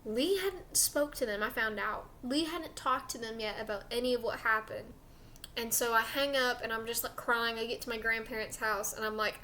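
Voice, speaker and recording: A woman's voice: on the high side, moderate pace, bright, forceful tone, slight background noise. A young woman casually telling a personal story in a chatty, emotional way with lots of fillers.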